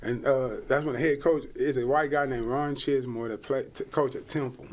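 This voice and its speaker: A man in his thirties, a podcast guest, telling a lively story in casual chat, acting out the voices of people in it and laughing often. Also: mid-range voice, moderate pace, slight background noise. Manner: animated storyteller, acts out quotes, laughs often. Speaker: podcast guest, former football player.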